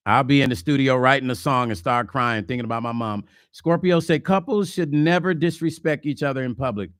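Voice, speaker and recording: A man hosting a casual livestream vlog, reading viewer comments and talking relationships in a chatty, animated way. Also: medium pitch, a little fast, no echo, studio quality. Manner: chatty, animated, slips into mock quotes. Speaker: vlog host.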